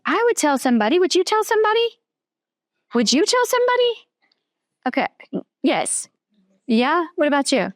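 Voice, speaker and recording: A woman teaching children a Bible story, asking them questions and slowing down on key words. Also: high-pitched, big pitch swings, no room sound, clean studio sound. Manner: patient, questioning, slows down for emphasis.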